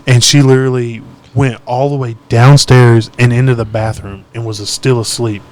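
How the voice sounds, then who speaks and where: A man's voice: mid-range voice, normal speed. A man in casual podcast chat, telling profane stories and acting out the quotes. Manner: profane, animated storytelling with acted-out quotes.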